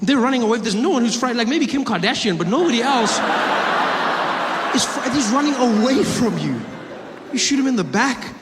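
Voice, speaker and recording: A man tells a story in a stand-up comedy set in a fairly high voice, acting out each scene. He is recorded live on a stage, with long hall reverb and clear crowd noise behind him. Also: fairly quick. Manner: animated, acts out scenes, shifts voices.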